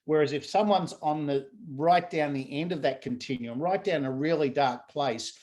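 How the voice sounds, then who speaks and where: A man with a fairly high voice talks as a guest in an easygoing conversation. He is animated and lively, and he acts out the voices of the people he describes. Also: normal speed. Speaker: laughter yoga trainer, guest. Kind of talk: casual conversation.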